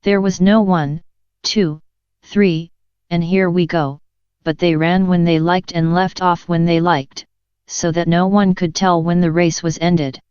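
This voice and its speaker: A woman reads a children's storybook in a slow, very clear voice that sits a bit low. The recording is dry and close, with a dull, lo-fi tone. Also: steady tone, no room sound. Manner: gentle, measured storytelling. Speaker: audiobook narrator. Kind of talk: children's audiobook narration.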